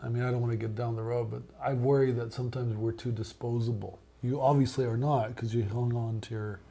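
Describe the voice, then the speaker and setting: Husky-voiced male interview host. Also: medium pitch, steady tone, fairly quick. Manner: attentive, brief affirmations, gentle questions. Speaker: podcast host. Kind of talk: interview conversation.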